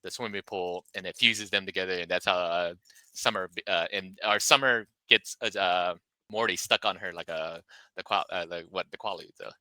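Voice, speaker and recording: A man with a low, strikingly bright and forceful voice chats through an episode recap on a podcast. He rambles, restarts sentences and fills gaps with "uh" and "like". The sound is dry and close to the mic. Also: steady tone, normal speed, dry recording, rough recording. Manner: rambling plot retelling, restarts and fillers. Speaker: podcast co-host. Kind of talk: casual review chat.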